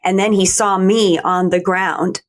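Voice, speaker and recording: A middle-aged woman hosting a podcast, softly affirming her guest and reflectively recalling a hard moment. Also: mid-range voice, steady tone, unhurried. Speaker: podcast host. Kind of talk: conversational interview.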